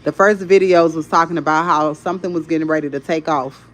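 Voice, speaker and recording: A woman, a spiritual content creator, tells viewers a rambling, animated, profane story in casual chat. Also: low voice, brisk, low-quality recording.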